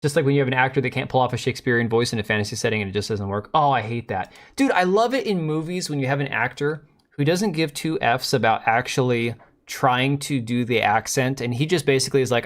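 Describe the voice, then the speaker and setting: A man in his forties holds forth on a live stream in a loose, chatty way. He jokes with a sarcastic edge and reads and answers chat as he goes, and his voice sits at an ordinary mid pitch. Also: fast. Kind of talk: casual live-stream commentary.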